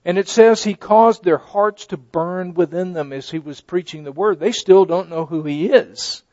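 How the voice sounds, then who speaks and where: Male preacher, high voice, emphatic sermon delivery, dry, dull lo-fi audio. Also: no room sound. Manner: emphatic, swings from loud to hushed.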